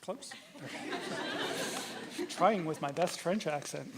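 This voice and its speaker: A middle-aged man announcing graduates' names at a university ceremony, reading them at a steady rhythm with light joking asides. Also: a little high, takes it slowly, pauses often, a crowd in the background. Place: university performing arts hall. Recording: noisy recording of a ceremony hall.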